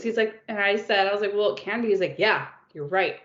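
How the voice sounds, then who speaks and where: A woman's voice: medium pitch, expressive, normal speed. Laughing woman in an echoey room. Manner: laughs often while telling stories. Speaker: podcast co-host. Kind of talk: casual book chat. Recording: roomy, dull lo-fi sound.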